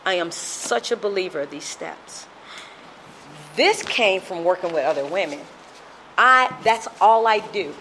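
A woman's voice: lowish voice, animated, slow pace, long pauses, bright, forceful tone, a little hiss or hum. A middle-aged woman telling her recovery story at a meeting, emotional and repetitive in her storytelling.

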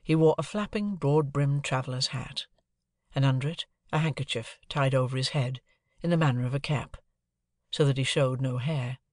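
A man narrating an audiobook in a measured, steady storytelling manner. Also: mid-range voice, dry recording, clean studio sound.

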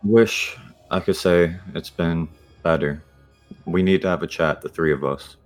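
A man playing his character in a tabletop game, calm and measured. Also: deep voice, faint music behind. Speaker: player. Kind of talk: in-character role-play.

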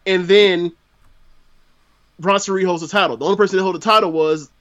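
A man's voice: sits high, steady tone, a little fast, a bit bright, muffled recording. A man from Florida, chatting casually on a wrestling podcast, full of fillers and restarts. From Florida, USA. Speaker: podcast co-host.

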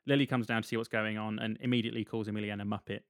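A man's voice: lowish voice, steady tone, very fast, no room sound. A man, casually retelling a film's plot on a podcast with dry humor and frequent laughs. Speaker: podcast co-host recapping a film. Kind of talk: casual chat.

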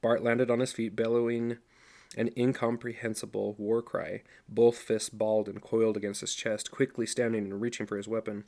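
A middle-aged man reading a novel aloud as narrator, in a steady storytelling voice. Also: lowish voice, moderate pace. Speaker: audiobook narrator. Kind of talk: scripted narration.

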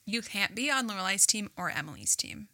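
A young woman co-hosts a podcast in easy, casual chat. Her voice is very bright and sits dry and close with almost no room sound. She talks eagerly, leaning on "like" as she goes. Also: medium pitch, lively intonation, brisk, dry recording. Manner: chatty, many "like" fillers, enthusiastic. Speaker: podcast co-host.

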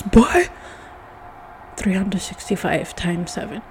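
A woman's voice: mid-range voice, measured pace, a little mellow, slight background noise. A woman ranting to the camera in a casual vlog, swearing often and sounding exasperated. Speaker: vlogger.

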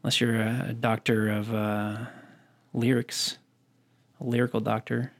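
A man's voice: mid-range voice, level tone. A man in his thirties co-hosting a casual chat show, often stopping and restarting his sentences. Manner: rambling, halting restarts. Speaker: podcast co-host.

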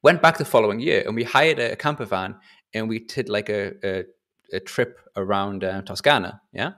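A man hosting a casual podcast chat, telling a story in an animated, chatty way. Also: on the low side, normal speed. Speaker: podcast host.

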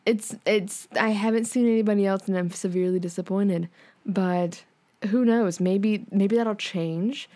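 A woman's voice: medium pitch, fairly even intonation, unhurried, warm tone. A woman co-hosting a podcast in casual chat, talking freely with lots of fillers and casual swearing. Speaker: podcast co-host.

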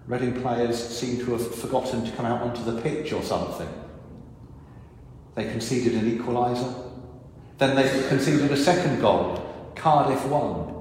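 Priest giving a sermon in a big church, tells it like a story and does the crowd's voices, loads of echo. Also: male voice, mid-range voice, a little mellow. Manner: storytelling, acts out crowd reactions and dialogue. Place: large church. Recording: very echoey church with long reverb.

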